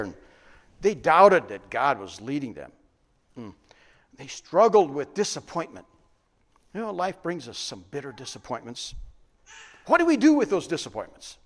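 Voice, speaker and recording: A man's voice: on the high side, huge pitch swings, normal speed, pauses often. A man preaching a sermon, often asking the congregation questions and answering them. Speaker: pastor. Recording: long reverb of a large hall.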